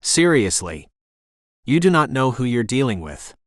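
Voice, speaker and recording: A man's voice: mid-range voice, big pitch swings, measured pace, no room sound, studio quality. A man voicing a blunt young woman who keeps the peace in a bossy, exasperated, no-nonsense way, read from an audiobook.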